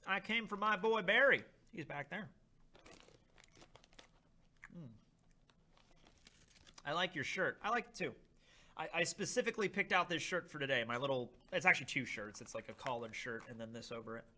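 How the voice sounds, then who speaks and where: A young man hosting a casual charity livestream, reading chat aloud and trying snacks with a rambling, animated manner. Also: fairly high pitch, moderate pace, pauses often. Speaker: livestream host.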